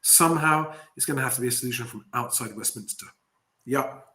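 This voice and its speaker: A man's voice: mid-range voice, fairly quick, pushed and bright. A man hosting a casual chat, reading out viewer comments and laughing often. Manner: chatty, laughs often, reads comments aloud. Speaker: host.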